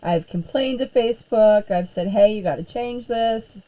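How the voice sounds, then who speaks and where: A middle-aged woman art teacher chatting casually on a live stream, hoarse and losing her voice, filling pauses with ums and clearing her throat often. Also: medium pitch, mellow, poor audio.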